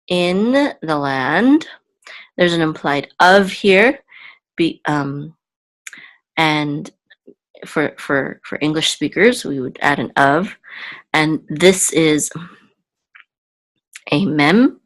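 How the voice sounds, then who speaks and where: Slow, low-voiced woman teaching Hebrew. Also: a bit bright. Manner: patient, slow, with many ums and repeated syllables. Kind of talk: step-by-step reading lesson.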